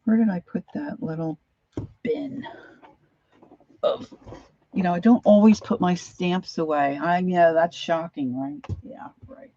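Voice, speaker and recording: A woman's voice: lowish voice, a little slow, pauses often, dark tone, no echo, lo-fi sound. A woman crafting and rambling to herself as she rummages, in casual chat.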